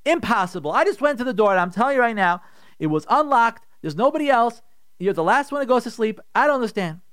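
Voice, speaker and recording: A man voicing an angry husband who shouts indignant accusations at his wife in a told story. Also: very high voice, sing-song, quick pace, pitched above the performer's own voice, exaggerated voice. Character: furious nagging husband, middle-aged man.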